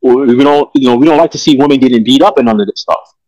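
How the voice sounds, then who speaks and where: A man's voice: medium pitch, racing, darkish tone, no echo, muffled recording. A man, talking in a rambling, streetwise way on a casual panel discussion. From New York.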